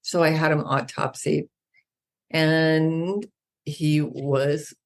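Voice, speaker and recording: A woman animal naturopath, a podcast guest, who tells stories in a lively way and acts out the people she quotes. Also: low voice, drawn-out words. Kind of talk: casual podcast conversation.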